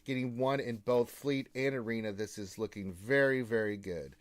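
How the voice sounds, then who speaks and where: A man co-hosting a casual live gaming stream, reading out viewer greetings and teasing them with flat refusals. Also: medium pitch, normal speed, no room sound.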